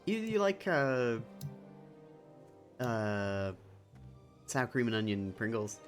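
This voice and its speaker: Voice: medium pitch, very animated, takes it slowly. A streamer chatting casually and playfully while playing a game. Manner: playful, chatty, laughs often. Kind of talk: casual chat while gaming. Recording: background music.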